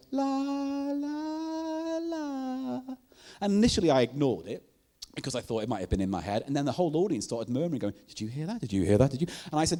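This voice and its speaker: Animated guy doing standup, voice bouncing up and down, on the higher side, telling spooky stories live. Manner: animated, laughs at his own stories. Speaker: stand-up comedian. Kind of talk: comic storytelling on stage. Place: live comedy night in a venue.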